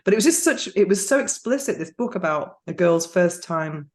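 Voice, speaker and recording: Woman, podcast host, lowish voice, casual chat, giggly, lots of restarts. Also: animated, normal speed. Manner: chatty, laughing, with frequent restarts.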